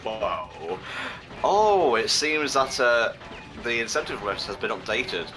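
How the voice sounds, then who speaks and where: A man's voice: mid-range voice, very animated, measured pace, over music, low-quality recording. A man hosting a charity gaming stream, joking and swearing while reading out donations. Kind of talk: casual gaming commentary.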